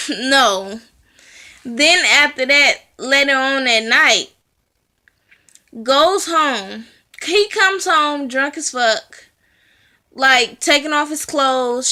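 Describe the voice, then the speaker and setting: A woman's voice: high-pitched, sharp tone. A woman recapping a movie in casual, chatty storytelling, swearing freely and filling with "you know". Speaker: movie reviewer.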